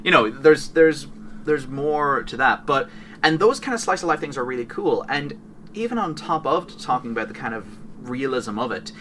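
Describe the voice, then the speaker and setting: A man's voice: mid-range voice, expressive, normal speed, sharp tone, far from the mic, a little hiss or hum. A man co-hosting a podcast, chatting casually and enthusiastically about video games, often correcting himself mid-sentence. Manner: rambling, enthusiastic, self-correcting. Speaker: podcast co-host. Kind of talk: casual gaming chat.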